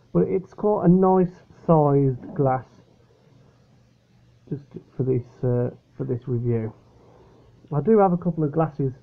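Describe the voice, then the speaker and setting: A man's voice: mid-range voice, vocal fry. A young man casually reviewing a beer at home, rambling and chatty and often correcting himself. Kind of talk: casual product review vlog. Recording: tinny phone-like recording.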